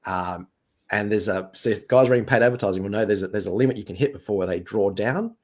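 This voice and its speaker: A man, telling his business story in a casual, animated way and acting out what others said. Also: on the low side, fast talker. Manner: animated, acts out quoted voices. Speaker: business owner guest.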